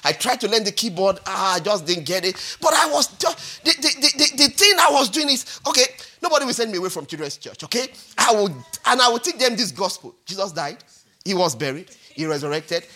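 Male pastor, 40s, animated sermon, husky voice, forceful delivery. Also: sits high. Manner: animated, repetitive, peppered with "all right?" and "hallelujah".

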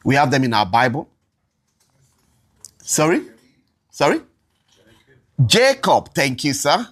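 A Bible teacher leading an interactive lesson, reading verses slowly and deliberately and constantly asking the congregation "all right?". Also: medium pitch, very animated, breathy edge. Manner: checks in constantly with "all right?" and asks the room questions; reads scripture slowly and deliberately.

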